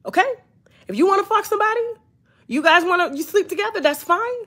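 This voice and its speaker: A woman, hosting a blunt, profane, animated storytime commentary. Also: extremely high pitch, fast. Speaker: commentary channel host.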